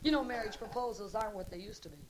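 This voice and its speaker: A woman's voice: medium pitch, racing. A middle-aged woman doing live stand-up comedy, teasing the audience with bawdy jokes in a brassy, teasing manner. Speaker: stand-up comedian working the crowd. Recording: live club recording with loud crowd.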